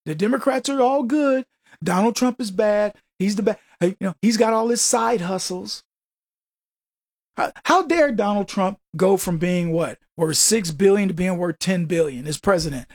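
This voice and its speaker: A man's voice: sits high, normal speed, darkish tone, dry recording. Combative male radio host, dry sound. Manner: combative, rhetorical questions. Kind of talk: political commentary monologue.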